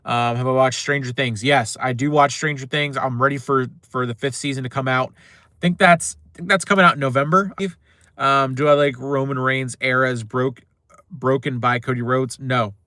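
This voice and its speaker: A young man hosts a casual live show, answering viewer comments as they come in and rambling through frequent fillers and restarts. His voice is bright and forward, at an average pitch for a man. The sound is dry and close, with no room around it. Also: steady tone, moderate pace, no room sound. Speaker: show host. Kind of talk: casual livestream chat reading comments.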